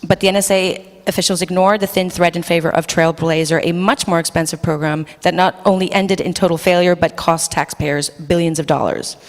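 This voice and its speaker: A woman's voice: fairly low pitch, steady tone, a little fast, few pauses. A woman moderating a panel discussion, reading introductions from notes with fillers and restarts. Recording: long reverb of a hall.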